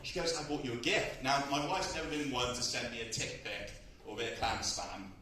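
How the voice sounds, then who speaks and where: A man's voice: mid-range voice, expressive, brisk, sharp tone, slight background noise. A man doing a bawdy, self-mocking stand-up set, laughing at his own jokes on a comedy club stage. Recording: echoey club with crowd, from far off. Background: audience laughing.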